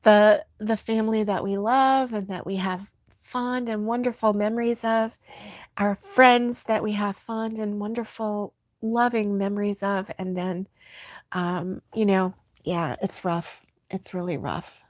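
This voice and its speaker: A woman's voice: medium pitch, fairly even intonation, unhurried, no room sound, clean studio sound. A woman hosting a casual crochet livestream, reading viewer comments aloud and laughing often. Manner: giggly, laughs often, soft-hearted.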